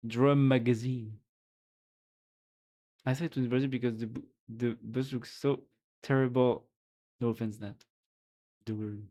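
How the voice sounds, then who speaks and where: A French man streams in unhurried English, his words coming slowly with plenty of pauses. His voice sits at an ordinary middle pitch. He laughs easily, teases his friends, and often trails off before starting a sentence again. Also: dark tone. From France. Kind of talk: casual live-stream chat.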